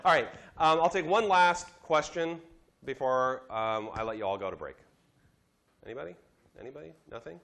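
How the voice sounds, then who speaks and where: A man teaching a class, telling a business story in a lively lecture style, acting out the voices he quotes. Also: mid-range voice, normal speed, gravelly. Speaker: instructor.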